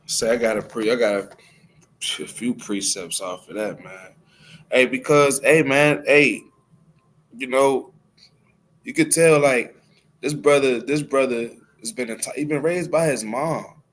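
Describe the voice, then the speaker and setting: A man's voice: mid-range voice, a little slow, a bit bright. A man leading a casual scripture discussion, loose and emphatic, peppering his speech with "hey" and "man". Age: adult. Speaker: class speaker.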